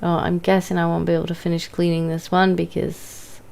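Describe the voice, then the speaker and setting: A young woman hosting a casual gaming stream, chatting in an animated, incredulous way and laughing often. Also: fairly low pitch, a little fast, gravelly. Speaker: streamer host.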